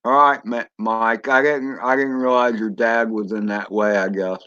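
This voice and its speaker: A man's voice: lowish voice, flat delivery, moderate pace, bright, forceful tone, lo-fi sound. A man chatting casually on a drone hobby live stream, rambling and answering viewers as he goes. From Florida. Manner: rambling, chatty, reads chat aloud.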